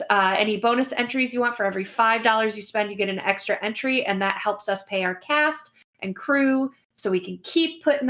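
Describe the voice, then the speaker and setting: A woman hosts a livestream in a loose, chatty way, filling her pauses with ums and uhs. Her pitch sits in the middle, neither high nor low. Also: a bit bright. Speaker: host. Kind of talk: casual livestream wrap-up.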